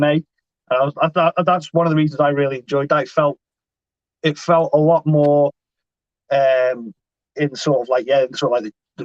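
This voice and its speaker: A man's voice: mid-range voice, no echo. A man talking as a guest on a casual live chat, hesitant and thinking aloud with many restarts. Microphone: video call. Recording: dry, dull lo-fi call audio.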